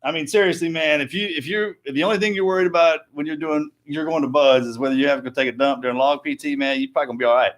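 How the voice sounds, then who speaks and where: A man's voice: on the high side, fairly even intonation, rapid-fire, hardly any pauses. A man co-hosting a casual live-stream chat, telling stories in a laid-back way and restarting his words as he goes. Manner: storytelling, laid-back, repeats words as he starts. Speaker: podcast co-host.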